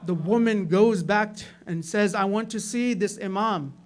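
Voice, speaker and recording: High-voiced man telling a sermon story. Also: normal speed. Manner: storytelling with frequent "right?" asides, rising loud in dramatic moments. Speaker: speaker at a religious gathering. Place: community hall.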